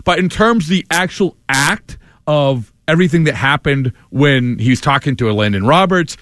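A man's voice: fairly high pitch, lively intonation, fairly bright tone, dry recording. A man with a slightly raised voice weighs in on a talk radio debate. He starts his sentences over again as he builds to his point. The sound is dry and close. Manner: halting, restarts sentences, sets up stories. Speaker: radio co-host.

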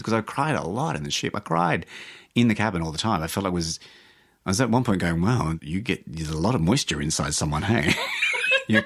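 Deep-voiced man telling stories. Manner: animated, self-mocking, laughing often. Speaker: guest. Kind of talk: interview storytelling.

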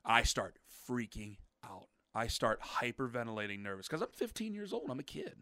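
A man's voice: mid-range voice, moderate pace. A man hosting a podcast, telling a long personal story in casual chat and acting out what others said. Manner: animated, acts out quotes of others. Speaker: podcast host.

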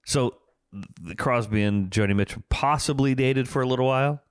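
A man's voice: mid-range voice, normal speed, clear, resonant tone, no room sound, clean studio sound. A man in his fifties talking casually about albums, rambling with many restarts and retold stories. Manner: rambling, full of restarts, retells stories with quotes. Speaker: podcast co-host. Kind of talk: casual music chat.

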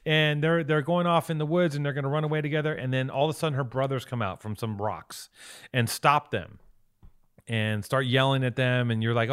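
A man co-hosting a podcast, giving a rambling, profane and excited recap of a movie in casual chat. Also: mid-range voice, moderate pace, clear, resonant tone. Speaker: podcast co-host.

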